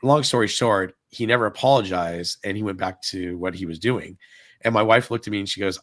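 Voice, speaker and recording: A middle-aged man casually telling a long story on a podcast, acting out what everyone said with lively shifts. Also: fairly low pitch, a little fast, no echo. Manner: animated retelling, acting out dialogue.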